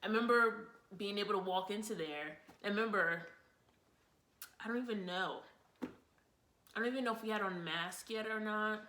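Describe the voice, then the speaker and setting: A woman's voice: mid-range voice, moderate pace, long pauses, pushed and bright. Chatty young woman rambling on camera. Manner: rambling, repeats herself, many fillers. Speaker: vlogger. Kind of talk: casual personal storytelling. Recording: echoey room.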